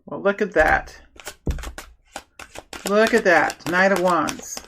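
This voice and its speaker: Excitable woman doing a tarot reading. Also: lowish voice, slow, slight background noise. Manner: animated, breaks into excited bursts, many restarts. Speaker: tarot reader. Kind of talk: casual tarot reading monologue.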